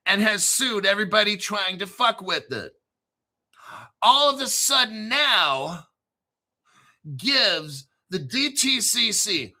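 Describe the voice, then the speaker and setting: Hyped, profane man with bright voice. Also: high-pitched. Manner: profane, hyped, keeps clearing throat. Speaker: crypto show host. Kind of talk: excitable solo commentary stream.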